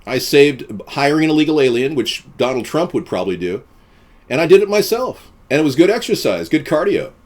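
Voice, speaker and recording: A man hosting a live stream, chatting with viewers in a deadpan, boastful way and jumping from topic to topic. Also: fairly high pitch, a little fast.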